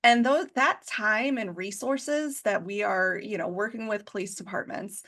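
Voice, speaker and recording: A woman from a school district's communications office, speaking as a podcast guest. She talks in a relaxed, chatty way, fills her sentences with casual fillers, and laughs easily. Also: medium pitch, a little slow. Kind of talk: casual conversational interview.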